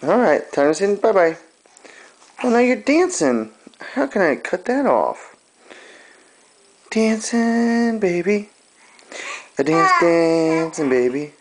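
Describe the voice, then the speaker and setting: A man's voice: high-pitched, sing-song, slow, pauses often. A man doing playful, sing-song baby talk to his infant daughter while filming her on a handheld home camera at home.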